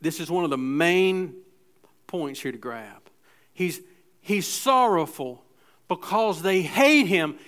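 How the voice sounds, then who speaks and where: A man's voice: a little high, animated, slow pace, fairly bright tone. A middle-aged man preaching a sermon in church, speaking in a conversational way with restarts and acted-out asides. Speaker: pastor.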